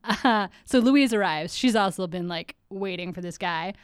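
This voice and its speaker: A woman's voice: medium pitch, moderate pace, clear, resonant tone, no echo, clean studio sound. A woman co-hosting a podcast, casually recapping a TV episode with frequent laughs and filler words. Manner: laughs often, lots of likes and uhs. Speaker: podcast co-host.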